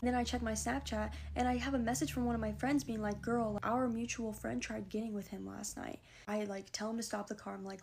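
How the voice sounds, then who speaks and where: A young woman telling a storytime vlog, rushing through her retelling and filling it with "like". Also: on the high side, steady tone, breathy edge. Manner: fast, breathless retelling full of "like".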